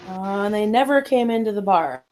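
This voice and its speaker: A woman's voice: mid-range voice, lively intonation, brisk, darkish tone, low-quality recording. A woman asking questions and reporting findings in a tabletop game, hesitant and full of fillers. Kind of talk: casual tabletop game play.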